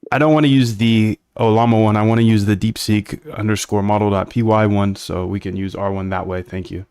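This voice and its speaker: A man's voice: fairly low pitch, fairly even intonation, a little fast, a little mellow, clear, resonant tone, no room sound. A man hosting a casual livestream, coding aloud and bluntly reacting to chat. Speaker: livestream host.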